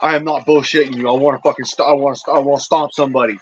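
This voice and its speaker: A man's voice: medium pitch, fairly even intonation, rapid-fire, lo-fi sound, slight background noise. An injured veteran, a man who has had a couple of beers, ranting furiously and profanely into his cell phone, stammering over his restarts. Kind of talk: angry vlog rant.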